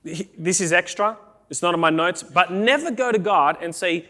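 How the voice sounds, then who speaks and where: A male pastor preaching a sermon in a church, animated, acting out the people he quotes and rising to shouts. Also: high voice, moderate pace. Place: church sanctuary.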